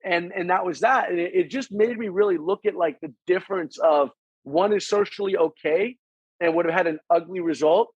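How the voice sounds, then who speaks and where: A man's voice: high voice, moderate pace, husky, dry recording, lo-fi sound. A man guesting on a podcast, telling a casual story in a rambling way, restarting sentences and acting out what people said. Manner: rambling, restarts sentences, acts out quoted dialogue; swears casually.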